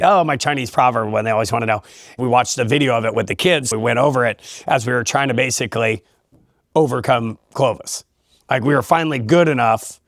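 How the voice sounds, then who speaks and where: A man who coaches high school wrestling, talking in a relaxed interview in an emphatic, motivational way and laughing often. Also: no room sound, studio quality. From California. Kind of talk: casual interview talk.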